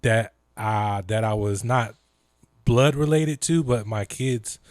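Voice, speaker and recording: A man's voice: fairly low pitch, takes it slowly, darkish tone, dry recording, studio quality. A man hosting a live stream, telling stories animatedly with lots of fillers and impressions. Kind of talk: casual chat.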